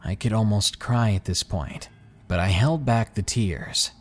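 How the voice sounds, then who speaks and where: A man narrating a scary story in a calm, measured, ominous way, then signing off as the channel host. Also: on the low side. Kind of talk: scripted narration of a horror story. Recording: faint background music.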